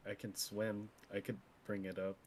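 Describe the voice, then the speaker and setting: A man playing a tabletop role-playing game, talking quietly and casually. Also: fairly low pitch, flat delivery, normal speed. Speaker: player.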